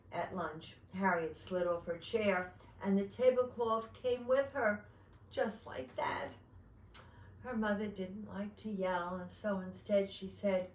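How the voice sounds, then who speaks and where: A woman hosting story time who reads a picture book aloud slowly and expressively, then chats. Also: medium pitch, echoey room, low-quality recording.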